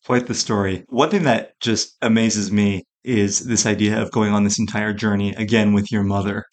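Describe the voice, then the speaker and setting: A male podcast host with a fairly low voice. He reacts in short words and then asks calm, measured follow-up questions. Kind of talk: interview questions.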